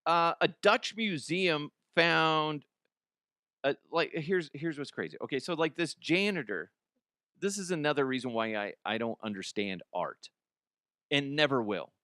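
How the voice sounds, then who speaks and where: A man's voice: on the high side, lively intonation, a little slow, bright, forceful tone, smooth, dry recording, studio quality. A man hosting a comedy show, riffing sarcastically on odd news stories, swearing freely and jumping into mocking voices. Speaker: comedy podcast host.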